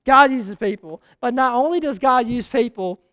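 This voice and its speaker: A man preaching a sermon, chatting casually with the congregation and building to loud, rousing repetition. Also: very high voice, animated, normal speed, dry recording. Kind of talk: sermon with personal storytelling.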